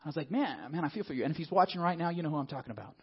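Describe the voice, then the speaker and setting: A man preaching a sermon in a lively, conversational way, often asking the congregation questions. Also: fairly high pitch, rapid-fire, husky, dull audio. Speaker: pastor.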